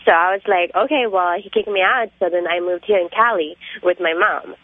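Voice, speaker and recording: A woman's voice: fairly low pitch, brisk, no room sound. Giggly young woman caller on a phone line. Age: 20s. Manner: giggly, rambling, excited. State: sick.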